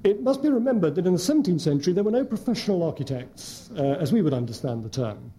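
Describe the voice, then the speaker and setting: A man lecturing an audience in a measured way, with frequent hesitant fillers. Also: a little high, sing-song, dark tone, a little hiss or hum. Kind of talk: academic lecture with slides. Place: lecture hall before an audience.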